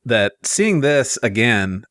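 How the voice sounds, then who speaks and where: A man co-hosting a podcast, chatty and loose, with lots of "like" and quick asides. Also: mid-range voice, very animated, fairly bright tone, dry recording, clean studio sound. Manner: chatty, laughing asides, filler "like". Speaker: podcast co-host. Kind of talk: casual podcast chat.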